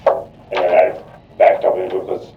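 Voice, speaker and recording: A man under police questioning, rambling and repeating himself as he talks through what happened, full of "you know, like". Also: normal speed. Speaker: murder suspect under questioning. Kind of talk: rambling account in a police interrogation. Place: police interrogation room. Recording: echoey, distant, lo-fi interrogation room.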